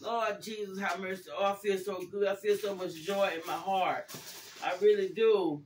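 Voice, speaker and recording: An older woman hosting a casual gift-opening vlog, thanking viewers warmly and praising God, calling everyone y'all. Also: medium pitch, fairly even intonation, moderate pace. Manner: religious, praising God often; grateful, calls viewers y'all. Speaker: vlogger. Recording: echoey room, far from mic, faint noise.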